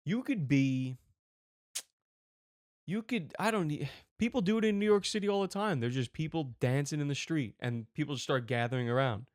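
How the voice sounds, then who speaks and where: A man hosting a comedy reaction show, riffing excitedly on a video clip. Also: a little high, moderate pace, dry recording, clean studio sound. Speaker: comedy commentary host. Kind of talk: comic video reaction commentary.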